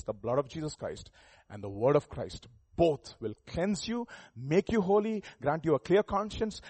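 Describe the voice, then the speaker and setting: A man preaching a sermon, emphatic, swinging between loud and soft, asking the listeners rhetorical questions. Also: medium pitch, no room sound. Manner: emphatic, rising and falling volume, rhetorical questions.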